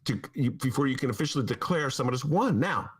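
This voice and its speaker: Animated sarcastic man host. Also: medium pitch, quick pace, slightly rough. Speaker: podcast host. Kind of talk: political talk show banter. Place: radio studio.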